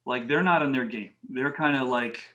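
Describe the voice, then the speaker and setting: A man as a podcast guest, telling lively anecdotes in casual talk and acting out the people in them. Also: mid-range voice, moderate pace, dull audio. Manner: animated anecdotes with quoted voices. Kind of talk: casual storytelling interview.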